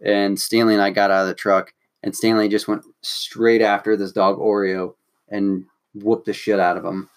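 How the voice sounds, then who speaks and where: A young man from Louisville co-hosting a podcast, talking in a relaxed, rambling way with crude asides. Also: on the low side, normal speed. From Louisville, Kentucky. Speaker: podcast co-host. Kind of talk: casual chat.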